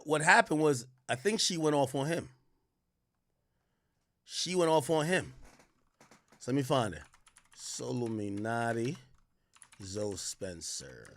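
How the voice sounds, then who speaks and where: A man talks straight to his chat in blunt, animated bursts, swearing as he goes. His voice sits fairly high for a man. The sound is dry and close, with no room around it. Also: no room sound. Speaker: streamer host. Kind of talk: casual livestream commentary.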